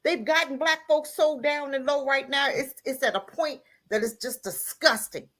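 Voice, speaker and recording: A woman with a moderately paced, somewhat bright voice phones in to a live talk show for an impassioned rant. Emphatic and heated, she repeats lines, laughs suddenly, and raises her voice until it nearly cracks into crying.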